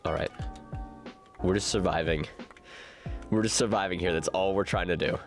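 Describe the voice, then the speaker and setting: A young man giving casual commentary on his own gameplay, excitable and rambling, often bursting into panicked shouts. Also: deep voice, moderate pace. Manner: excitable, yells "no" in bursts, filler-heavy rambling. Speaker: gaming YouTuber. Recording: music playing behind the voice.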